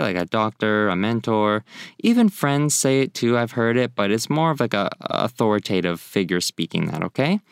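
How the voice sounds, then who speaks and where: Man, casual language lesson, very lively pitch swings, dry close sound. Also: brisk, vocal fry, clear, resonant tone, no echo. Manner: animated, demonstrates phrases with exaggerated intonation. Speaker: language teacher.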